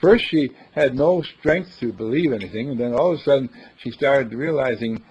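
A man's voice: medium pitch, moderate pace, few pauses, husky. A man, a university dean, telling a folksy, dramatic story as a thought for the day, on a dull lo-fi recording. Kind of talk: storytelling talk.

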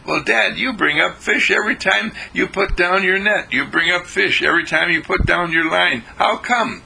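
A man doing eager pleading sons, high and sharp. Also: moderate pace, vocal fry, slight background noise, exaggerated voice, low-quality recording. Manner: pleading, marveling, high-pitched. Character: eager grown sons pleading with their father.

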